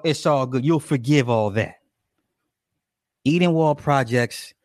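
A man's voice: medium pitch, no room sound, studio quality. A man giving profane, mocking reaction commentary, stretching words out for emphasis.

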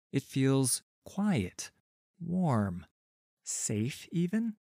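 A man reading a fantasy story aloud in a calm, measured and gently expressive way. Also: mid-range voice, dry recording, studio quality. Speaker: narrator. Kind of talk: scripted storybook narration.

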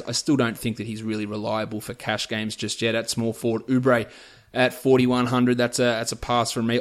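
A man hosting a casual sports podcast, with a voice sitting at an ordinary middle pitch. He reels off numbers and player prices in an easygoing, opinionated stream of analysis. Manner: rattles off player stats and prices in a chatty, opinionated way. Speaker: fantasy basketball podcast host.

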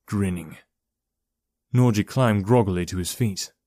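A man giving a steady, measured reading of a horror story as narrator. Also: lowish voice, dry recording. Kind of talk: scripted horror audiobook narration.

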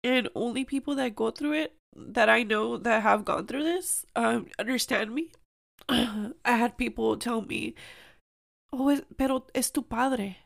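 A young woman talks in an earnest, confiding podcast monologue, her voice emotional and sometimes near tears. Her voice sits a little high and has a gravelly fry. The sound is dry and close, with no room around it. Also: measured pace, fairly bright tone, no room sound. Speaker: podcast host.

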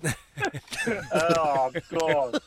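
A man calling into a radio quiz, excitable and laughing a lot. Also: a little high, extremely slow, a loud crowd, low-quality recording. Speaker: radio caller.

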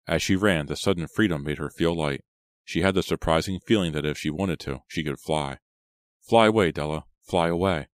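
A man reading a horror audiobook in a steady, measured storytelling manner. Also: a bass voice, no room sound, studio quality. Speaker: audiobook reader. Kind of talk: scripted horror audiobook narration.

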